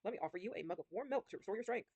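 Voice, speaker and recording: A woman reading a welcoming tavern keeper in a game, quick and quiet. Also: medium pitch, expressive, husky, no room sound, pitched above the performer's own voice.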